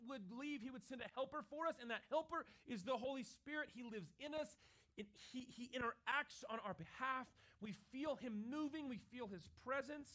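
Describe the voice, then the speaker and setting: A middle-aged man, a pastor, preaching a sermon in a conversational way, often adding "right?", and sinking to a quiet, intense voice for his key points. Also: very high-pitched.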